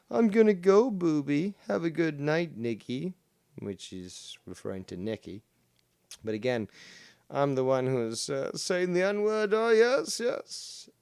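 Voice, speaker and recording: A man's voice: fairly low pitch, creaky, a little mellow, smooth, no room sound. A man hosting a livestream, talking combatively and reading chat messages aloud, swearing freely. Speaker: streamer host.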